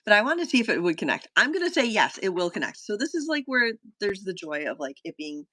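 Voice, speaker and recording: A woman's voice: mid-range voice, sing-song, fast, sharp tone, no echo. A chatty woman in her thirties thinks aloud as she tests her own solo game live. She rambles with lots of fillers and gasps when an idea hits. Her voice sits close and dry, with no room around it. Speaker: solo game designer streaming a playtest.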